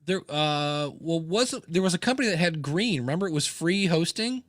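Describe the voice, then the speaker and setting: A man's voice: fairly high pitch, expressive, normal speed, a bit bright, no echo, clean studio sound. A man co-hosting a podcast in casual chat, rambling with joking asides and many restarts. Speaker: podcast co-host.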